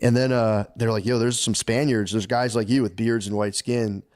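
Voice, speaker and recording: A man's voice: on the low side, fairly even intonation, moderate pace, darkish tone. A man co-hosting a podcast, telling a history story in a rambling, profane, comedic way. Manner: rambling, profane, acts out characters with laughter. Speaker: podcast co-host.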